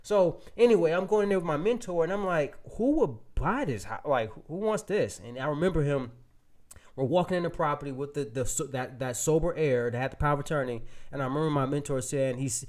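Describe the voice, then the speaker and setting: A man presenting a real estate webinar, telling a casual, animated story full of restarts and fillers to his audience. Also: a little high, quick pace.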